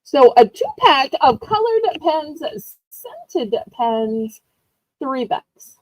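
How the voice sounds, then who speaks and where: Woman, relaxed seller who chats as she goes, slightly high voice, dry close recording. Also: very slow, no echo, poor audio. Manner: chatty, rambling storyteller with frequent laughs. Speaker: live-stream auction host. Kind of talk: casual live-stream selling chat.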